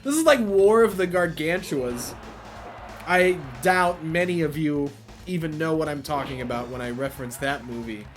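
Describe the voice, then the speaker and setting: A man hosting a wrestling video game playthrough, chatting casually, laughing and swearing, then shouting play-by-play at the big moves. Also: fairly high pitch, moderate pace, soft background music. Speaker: let's play host.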